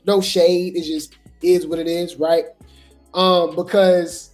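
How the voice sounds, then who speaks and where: Gossip commentary host, chatty, lots of "right?", mid-pitched, faint music behind. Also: level tone, takes it slowly, a little mellow. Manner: chatty, full of fillers and "right?" asides.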